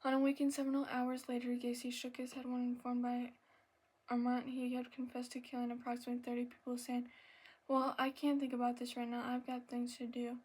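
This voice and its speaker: Breathy soft-spoken woman reading ASMR. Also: fairly high pitch, completely flat delivery, brisk. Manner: soft reading with stumbles and apologies, slipping into whispers. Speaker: ASMR channel host.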